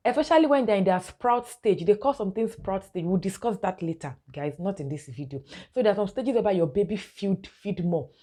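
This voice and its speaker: A woman's voice: mid-range voice, animated, brisk, warm tone, husky. A young woman, a mother giving casual baby-care tips to her viewers and calling them guys. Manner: chatty, keeps addressing viewers as guys, laughs often. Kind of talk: casual instructional vlog.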